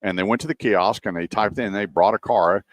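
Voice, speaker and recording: A fairly low-pitched man talking fairly quickly, in a dry recording. He hosts a car-business radio show in casual talk-radio style, an animated storyteller who acts out what people said.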